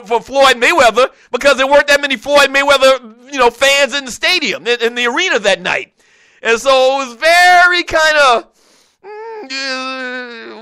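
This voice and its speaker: A man hosting a casual sports talk show, telling long, rambling stories in an animated, joking way. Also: very high voice, clear, resonant tone, no echo.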